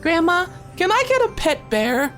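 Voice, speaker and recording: A woman's voice: extremely high pitch, sing-song, moderate pace, fairly bright tone, soft background music, heavily acted. An actress voicing a playful, muddy little boy in an audio drama. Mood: eager. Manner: eager, childlike.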